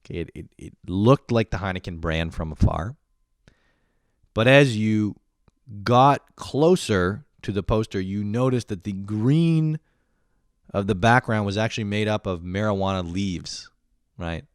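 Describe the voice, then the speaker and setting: A man's voice: fairly low pitch, measured pace, smooth, dry recording, clean studio sound. A young man in a profane comedic rant, swearing constantly and sounding exasperated as he complains. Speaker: comedic vlogger.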